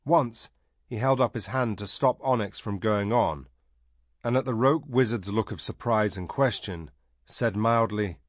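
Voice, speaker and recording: A man reading a fantasy novel aloud in calm, measured scripted narration. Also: on the low side, dry recording, studio quality. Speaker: audiobook narrator.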